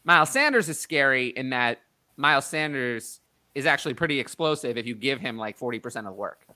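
A man hosting a casual sports talk show, opinionated and thinking out loud with frequent restarts. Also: medium pitch, expressive, brisk, dry recording. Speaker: podcast host. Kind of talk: casual fantasy football chat.

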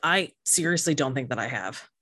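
Low-voiced chatty woman podcaster. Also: animated, normal speed, sharp tone, breathy edge, no room sound, studio quality. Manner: chatty, swears casually, lots of fillers. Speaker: podcast co-host. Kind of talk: casual chat. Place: home, recorded over video call. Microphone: video call.

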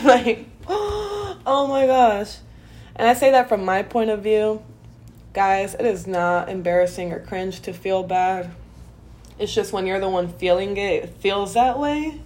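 A young adult woman hosting a personal podcast, telling her own story in a candid, expressive way, often laughing and talking straight to her listeners. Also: medium pitch. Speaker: podcast host.

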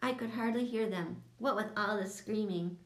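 A woman's voice: medium pitch, normal speed, echoey room. A woman narrating a children's audiobook, switching into voices for each character.

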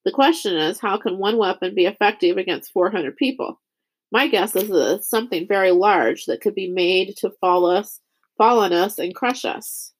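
A woman's voice: medium pitch, moderate pace, slightly rough, close to an everyday voice. A woman reading a pompous, learned, stubborn old man in a storybook.

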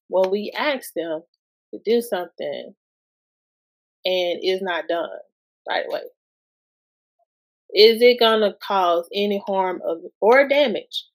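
Slow-talking woman podcast host. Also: mid-range voice, rough recording. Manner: conversational, rhetorical questions, loose everyday grammar. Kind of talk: casual parenting talk.

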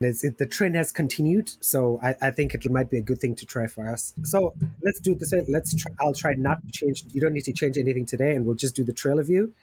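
A man's voice: mid-range voice, darkish tone, husky, no room sound. A man hosting a podcast in casual chat, rambling with enthusiasm and plenty of fillers. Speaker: podcast host.

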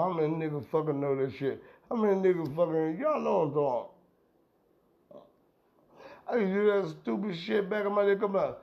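Heated, profane man ranting on a podcast. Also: high-pitched. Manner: heated, profane, rambling rant. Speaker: podcast host. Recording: dull lo-fi sound.

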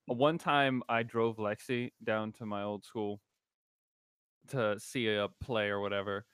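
A man in casual podcast chat, telling anecdotes with animated energy on a close mic. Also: fairly low pitch, unhurried, clean tone, no echo.

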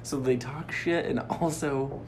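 A man's voice: medium pitch, measured pace, darkish tone, a little hiss or hum. A man co-hosting a casual comedy podcast, laughing often and full of "like" fillers. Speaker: podcast co-host.

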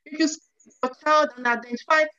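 A youth counselor in her forties earnestly advises parents, repeatedly saying "you know" and acting out quotes. Her high voice is fast and sharp with fairly even intonation, heard through a muffled lo-fi recording.

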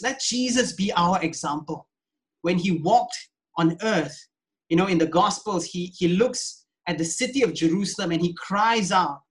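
A man preaching a sermon as pastor, earnest and pleading, often saying "you know". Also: sits high.

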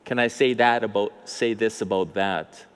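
A man's voice: fairly low pitch, steady tone, moderate pace, clean tone. An older man preaching a sermon as a pastor, talking in a conversational way with asides and rhetorical questions. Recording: long hall reverb.

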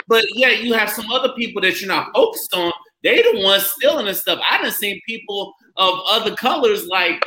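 A man's voice: high-pitched, sharp tone. A man in a casual podcast chat, blunt and heated, swearing freely. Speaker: podcast co-host. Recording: echoey room with noise.

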